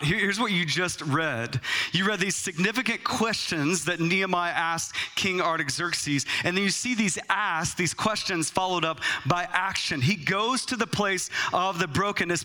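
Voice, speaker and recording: A man's voice: high-pitched, bright, forceful tone. A man preaching a sermon to his congregation in a conversational style, acting out little dialogues as he goes. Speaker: pastor.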